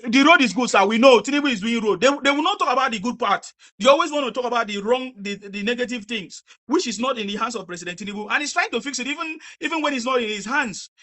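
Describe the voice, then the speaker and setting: Fast, forceful woman interviewer. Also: a little high, animated. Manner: lecturing, repetitive, forceful. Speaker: street interviewer. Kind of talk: heated street interview.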